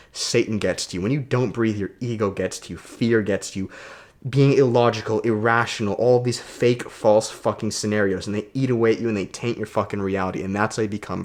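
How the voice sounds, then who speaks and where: A man who coaches self-development, talking straight to his camera in a casual motivational vlog, emphatic and preachy and swearing freely. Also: on the low side.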